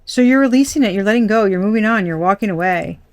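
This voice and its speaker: A woman's voice: mid-range voice, fast talker, dry recording. A young adult woman doing a casual tarot reading, chatty and blunt, swearing and laughing often. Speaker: tarot reader.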